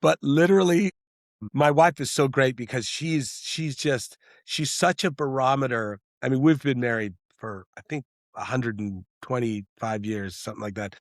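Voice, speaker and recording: A middle-aged man, a screenwriter and director, talking in an interview in an animated, rambling way with many restarts. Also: mid-range voice, moderate pace, no room sound, clean studio sound. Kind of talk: interview conversation.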